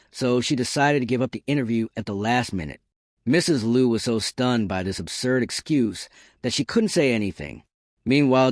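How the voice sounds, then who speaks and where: A man's voice: medium pitch, dry recording, clean studio sound. A man narrating a first-person story.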